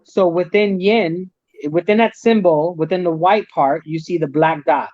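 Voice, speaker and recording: A man with a somewhat high voice talks casually as a guest on a talk show. He explains ideas at length, circling back and restarting his sentences. The audio is dry and a little dull. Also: measured pace, dry recording. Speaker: guest, Chinese medicine practitioner.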